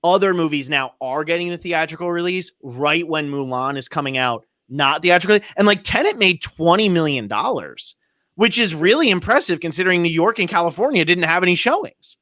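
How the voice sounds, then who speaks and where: Bright-voiced man co-hosting a podcast. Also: fairly high pitch, fairly quick, dry recording. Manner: animated, rambling asides. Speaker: podcast co-host. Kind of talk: casual podcast chat.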